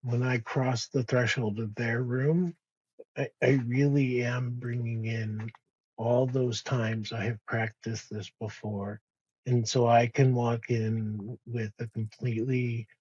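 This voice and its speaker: A man speaks slowly and softly in a reflective podcast conversation, pausing and restarting as he goes. His voice is mellow and a little husky. The recording is dry and slightly dull. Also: mid-range voice, level tone, no room sound. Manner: slow, soft-spoken, with many pauses and restarts. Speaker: podcast guest.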